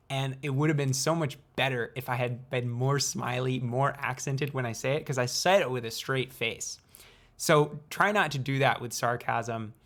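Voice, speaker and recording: A playful young man explaining at an unhurried pace. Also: medium pitch, a bit bright. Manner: playful, unhurried, with deliberate pauses. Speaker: student video creator. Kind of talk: casual explanatory vlog.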